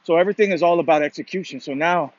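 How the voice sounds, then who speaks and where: A man with a somewhat high voice talks through a loose motivational monologue, circling his points with constant "you know"s and "pretty much"es and the odd curse. The recording is dull and lo-fi. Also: very fast. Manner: rambling, fillers like "you know" and "pretty much", casual swearing. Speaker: motivational vlogger. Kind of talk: casual spoken monologue. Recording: dull lo-fi sound.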